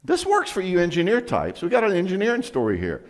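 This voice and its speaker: A middle-aged man, a counselor, giving an earnest, conversational seminar talk and telling personal stories, often dropping his voice low for emphasis. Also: huge pitch swings, fast.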